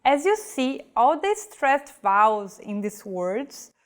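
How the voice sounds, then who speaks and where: Slow, careful woman teacher. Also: high voice, sing-song. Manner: slow, careful, enunciating example words. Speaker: language teacher. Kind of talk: slow scripted pronunciation lesson.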